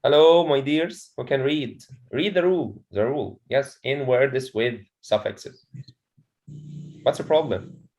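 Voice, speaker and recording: A man's voice: medium pitch, a little slow, darkish tone. A man teaching a pronunciation lesson to a class, repeating words and questions patiently. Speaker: English teacher.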